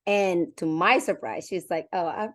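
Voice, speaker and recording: Woman, forties, casual testimonial, animated storytelling, acts out her own past remarks. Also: fairly low pitch, a little slow. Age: 40s. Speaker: community member sharing her story.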